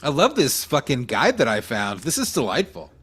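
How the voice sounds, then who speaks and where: A man's voice: mid-range voice, huge pitch swings, moderate pace, fairly bright tone, slightly rough. A man chatting while guiding a friend through a video game, wry and joking with casual swearing. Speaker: gamer. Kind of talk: casual let's-play chat. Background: game music.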